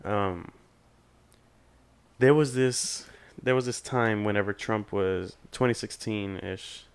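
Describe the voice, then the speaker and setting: A young man in casual podcast chat tells a rambling story with plenty of swearing, slipping into other people's voices as he goes. His voice sits on the low side and sounds smooth and clean. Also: slow pace. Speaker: podcast guest.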